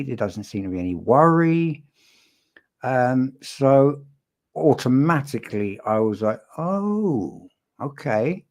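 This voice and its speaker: A man talks his way through an analysis of an interview in a loose, off-the-cuff manner. He is blunt and sardonic, and he stumbles and restarts as his thoughts run ahead of him. His pitch sits in an ordinary middle range for a man. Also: a little mellow. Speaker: statement analysis commentator. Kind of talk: casual analytical commentary.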